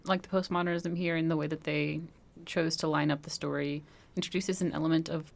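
A woman's voice: deep voice, fairly even intonation, brisk, creaky. A young woman co-hosting a podcast, talking through a film in a thoughtful, analytical, chatty way. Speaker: podcast co-host. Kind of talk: casual chat.

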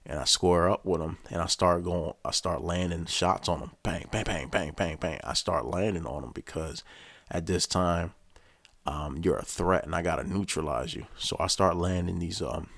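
A man with a deep, gravelly voice tells a story as a podcast host. He rambles casually and swears constantly. The sound is dry and close. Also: fairly even intonation, moderate pace, a bit bright, no room sound. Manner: profane, rambling.

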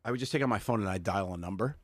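Man, podcast co-host, fast rambling talk, lowish voice. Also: dry recording. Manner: rambling storyteller, animated bits. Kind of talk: casual chat.

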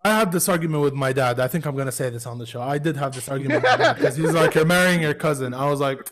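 A man's voice: mid-range voice, expressive, very fast, a bit bright. A young man from Kuwait hosting a podcast, talking in a casual, slangy way. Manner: casual, slangy, laughs often. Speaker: podcast host.

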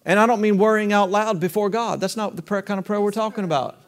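A man's voice: high voice, fast. A man preaching a sermon as pastor, talking conversationally with rhetorical questions and leading the congregation in call-and-response.

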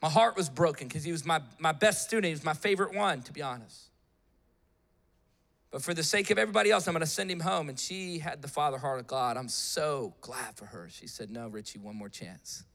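Guy preaching hard, high voice, goes from shouting to real quiet. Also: very animated, normal speed, pauses often, long reverb tail. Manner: impassioned, shifts between shouting and hushed storytelling. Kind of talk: sermon.

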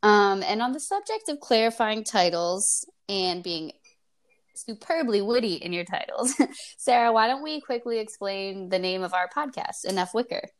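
A woman's voice: mid-range voice, lively intonation, moderate pace. A woman in her thirties hosting a podcast, giving playful, upbeat introductions. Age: 30s. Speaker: podcast host. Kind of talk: casual chat.

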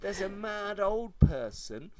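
A man from England telling funny stories in a casual podcast chat, jokey and animated. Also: sits high, takes it slowly. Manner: animated, jokey, mimics shrieks.

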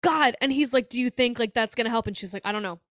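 A woman's voice: a little high, fast, fairly bright tone, no room sound, studio quality. A woman co-hosting a podcast, joking and swearing as she retells a film, acting out the characters' lines. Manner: joking, profane, acts out quoted lines. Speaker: podcast co-host. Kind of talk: casual movie recap chat.

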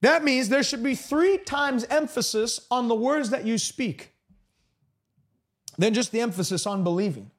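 Male broadcast preacher, very high, lively pitch, emphatic and repetitive. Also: unhurried. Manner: emphatic, repetitive preaching cadence with stretched-out phrases. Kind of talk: broadcast sermon.

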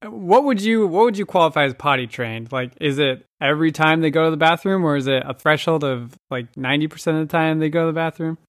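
A man's voice: on the high side, fast talker, few pauses, fairly bright tone, dry recording, clean studio sound. A man in his thirties hosting a podcast, chatting casually and laughing often as he talks. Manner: laughs often while talking. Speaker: podcast host. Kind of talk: casual chat.

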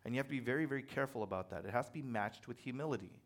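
A pastor delivers a sermon in a conversational, animated style, sharing personal stories full of self-deprecating humor. His voice is mid-range and he talks very fast.

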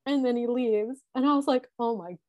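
Chatty woman podcast co-host, fairly high voice. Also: fairly quick, dry recording, muffled recording. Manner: animated, laughs often, reads from her notes. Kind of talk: casual chat recapping a reality show.

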